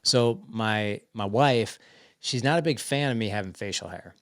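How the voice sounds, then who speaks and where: A man's voice: lowish voice, moderate pace, dry recording, studio quality. A man in his forties, a podcast guest, telling casual stories and acting out family conversations as he goes. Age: 40s. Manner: animated, quotes family dialogue in stories. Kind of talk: casual storytelling chat.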